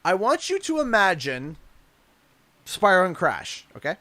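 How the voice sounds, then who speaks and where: A young adult man from Canada, chatting casually and jokingly on a livestream while unboxing, rambling and easily excited. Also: sits high, a little slow. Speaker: streamer.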